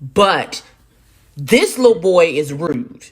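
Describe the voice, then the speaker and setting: Give me a woman, reacting to a show out loud, profane and animated, low-pitched. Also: slow pace, husky. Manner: loud, profane, animated, talks back at the screen. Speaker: reaction video host. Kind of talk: casual reaction commentary.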